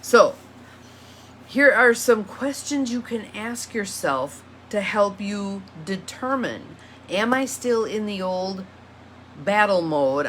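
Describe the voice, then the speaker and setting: A woman's voice: medium pitch, animated, takes it slowly, fairly bright tone, slight background noise. A woman, an empowerment coach, talking through self-reflection questions in a casual teaching monologue, reading each question aloud and repeating it.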